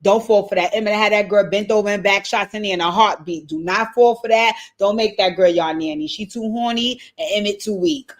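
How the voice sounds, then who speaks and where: A woman giving a casual, animated recap of a TV episode, with blunt, profane commentary and asides straight to her viewers. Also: mid-range voice, brisk, hardly any pauses. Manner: chatty, talks straight to viewers. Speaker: TV recap host.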